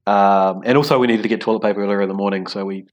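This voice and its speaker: A man's voice: lowish voice, fairly even intonation, rapid-fire. A man chatting on a podcast with a dry, teasing humour. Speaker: podcast co-host. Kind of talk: casual chat.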